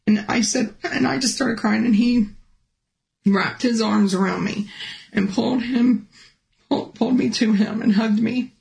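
A woman telling a personal testimony in a halting, restart-filled way, her voice rising high and emotional when she recalls pleading. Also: steady tone, gravelly, a little mellow, low-quality recording. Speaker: guest telling a near-death testimony. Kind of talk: personal testimony, casual storytelling.

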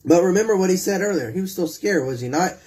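High-voiced man preaching a sermon. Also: expressive, fast talker, dark tone. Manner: retells scripture in his own words, asks listeners direct questions.

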